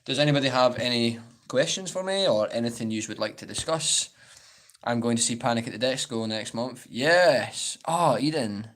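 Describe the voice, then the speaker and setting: A man's voice: medium pitch, expressive, moderate pace, a bit bright. A Scottish man in his twenties chatting casually on a live-stream Q&A, rambling and saying "like" a lot.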